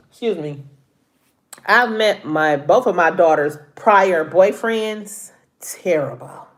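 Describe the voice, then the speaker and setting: Middle-aged woman host, casual stream chat, slightly congested, low-ish register, easy laughter. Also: lively intonation, slow. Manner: chatty, laughs often, Southern US vernacular. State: congested from allergies.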